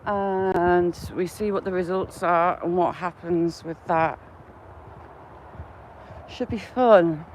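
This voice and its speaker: A woman's voice: fairly low pitch, takes it slowly, pauses often, darkish tone, a little hiss or hum. A woman vlogging live while she walks a countryside path, chatting and laughing with viewers as she greets them by name. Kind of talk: casual live-stream chat while walking.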